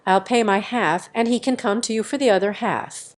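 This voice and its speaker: A woman's voice: mid-range voice, moderate pace, close to an everyday voice. Woman reading as an angry hulking dentist. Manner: shouting, growling, exasperated. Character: big, slow-witted male dentist, angry husband.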